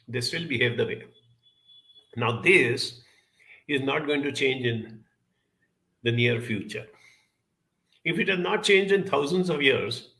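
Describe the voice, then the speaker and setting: A man with a gravelly, medium-pitched voice recounts a story from his childhood. His talk is earnest and reflective, measured in pace yet punctuated by lively emphasis.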